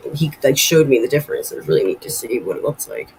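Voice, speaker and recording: A woman's voice: low voice, very animated, fast, creaky, darkish tone, slight background noise, low-quality recording. A woman in her forties hosting a casual live stream from home, rambling and chatty as she reads viewer comments aloud. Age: 40s. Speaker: livestream host.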